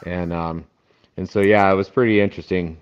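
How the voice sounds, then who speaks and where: Man, very low voice, smooth and resonant, casual storyteller, dull lo-fi sound. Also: a little fast. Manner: animated anecdote teller who acts out quoted voices. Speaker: podcast guest, festival founder.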